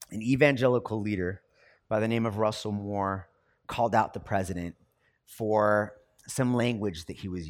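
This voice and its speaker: A man preaching a sermon as a pastor, talking conversationally and acting out everyday quotes. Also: on the low side.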